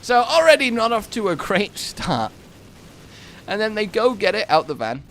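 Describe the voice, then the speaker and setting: A man in his twenties, chatting over gameplay and telling a funny story with excitable outbursts. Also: sits high, normal speed, a little hiss or hum. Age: 20s. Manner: excitable anecdote-telling, bursts into loud exclamations. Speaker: gaming YouTuber.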